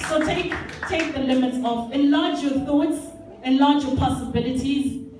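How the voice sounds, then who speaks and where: A woman with a high, steady voice gives a motivational conference talk at a moderate pace, with background noise present. She's earnest and emphatic, drawing on Bible examples and repeating key phrases, picked up from far away in an echoey leisure centre hall with faint music.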